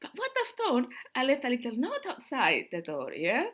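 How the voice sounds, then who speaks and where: A woman's voice: high voice, huge pitch swings, normal speed, a bit bright. A middle-aged woman talking casually to camera as a vlogger, chatty, laughing often and restarting her sentences.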